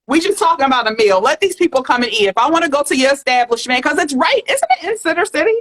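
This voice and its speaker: A woman's voice: high voice, lively intonation, fast, fairly bright tone, rough recording. A woman hosting a pop culture podcast, sassy and slangy in casual chat. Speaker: podcast host.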